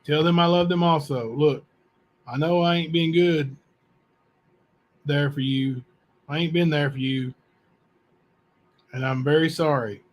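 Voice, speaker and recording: A man with a somewhat high voice reads letters aloud for his viewers. He keeps a plain, unhurried pace, breaking off now and then for his own comments. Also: fairly even intonation. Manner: plain, unhurried reading with asides and spelling out words. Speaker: channel host.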